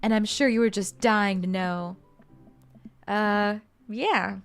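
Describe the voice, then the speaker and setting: A woman's voice: mid-range voice, takes it slowly, clean tone, soft background music. A woman voicing a sullen, moody teenage boy in a video game who talks back sarcastically. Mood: sarcastic. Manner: sarcastic, dismissive.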